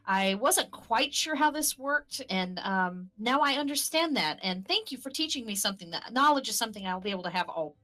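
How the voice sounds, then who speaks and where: A woman's voice: fairly high pitch, lively intonation, fairly quick, few pauses, sharp tone. A woman voicing a cheerful, eager female adventurer in a tabletop game, playful and earnest.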